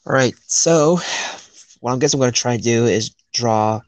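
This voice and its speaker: A man's voice: mid-range voice, normal speed, no echo. A man drawing on a live stream, chatting casually and thinking aloud in an easygoing, plain-spoken way.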